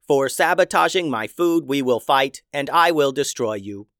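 A man's voice: medium pitch, expressive, normal speed, a bit bright, clear, resonant tone, no room sound, clean studio sound. A man voicing a robot pizza cook that speaks in stiff, formal phrases. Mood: threatening.

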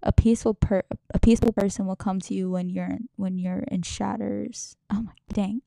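Gravelly-voiced young woman, rambling. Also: mid-range voice, flat delivery, fairly quick, few pauses, dark tone, dry recording, clean studio sound. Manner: rambling, emotional, swears and laughs often. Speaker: podcast host. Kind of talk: casual podcast monologue.

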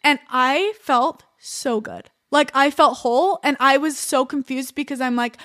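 A woman's voice: sits high, measured pace, pushed and bright. A young woman, a podcast guest, telling her personal story in a chatty, candid way full of "like" and "you know".

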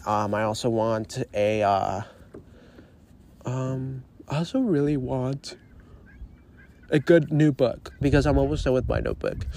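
Casting: young male podcast host, mid-pitched, loose and rambly, lots of "like" and "um", giggly, outdoors with faint ambience behind. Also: a little hiss or hum. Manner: rambling, filler-heavy, giggly. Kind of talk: casual solo chat. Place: outdoors on a paddleboard on water.

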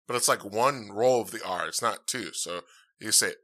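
Upbeat podcast host with a bright voice. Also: male voice, on the low side, moderate pace. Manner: rambling, upbeat, lots of fillers. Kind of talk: casual solo podcast chat. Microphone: dynamic podcast mic.

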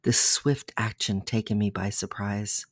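A podcast host reading an erotic audiobook aloud in a soft, intimate way that slips into whispers. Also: deep voice, flat delivery, a little slow, dry recording, clean studio sound. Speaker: podcast storyteller.

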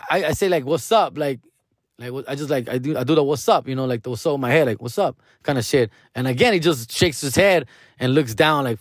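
Young comic, slightly high voice, slangy and profane, code-switching, dry room. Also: dry recording. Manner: profane slangy street talk with Spanish words. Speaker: comedian telling a story. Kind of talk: casual storytelling.

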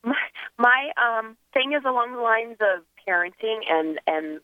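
A woman's voice: on the high side, lively intonation, unhurried, no echo. A woman calling in to a show by phone, hesitant and stammering, with nervous laughs. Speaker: caller. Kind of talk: casual chat. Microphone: telephone. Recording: tinny phone line.

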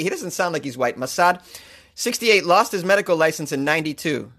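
A man's voice: fairly high pitch, fairly bright tone. A man with a thick Boston accent hosting a comedic news podcast, brash and joking, laughing as he riffs on stories.

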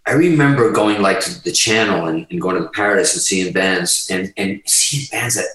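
A man's voice: sits low, moderate pace, fairly bright tone, far from the mic. Profane, emphatic man in a roomy space. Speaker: podcast guest. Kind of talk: casual storytelling. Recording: roomy, from off the mic.

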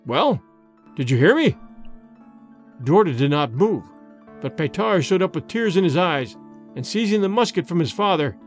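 A man narrating a classic ghost story in an expressive, old-fashioned storybook reading. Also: sits high, moderate pace. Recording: dry close recording with faint music.

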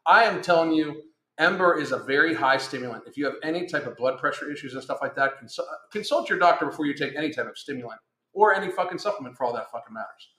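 Reading comments from his live chat, this middle-aged podcast host rambles on, blunt and full of swearing, during a casual livestream. He talks fast and forcefully, animated and bright, at a fairly high pitch. There's a roomy echo around him.

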